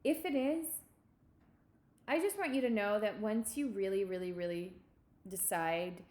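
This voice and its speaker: Slow-spoken woman giving a tarot reading. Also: mid-range voice, a little mellow. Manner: slow, halting, repeats words, reassuring. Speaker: tarot reader.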